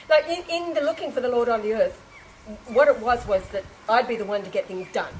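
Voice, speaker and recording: A woman's voice: a little high, a little hiss or hum, low-quality recording. A woman telling a spiritual story in casual speech, acting out other people's lines and laughing often. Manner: animated retelling, acts out dialogue, laughs often. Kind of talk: casual spoken testimony.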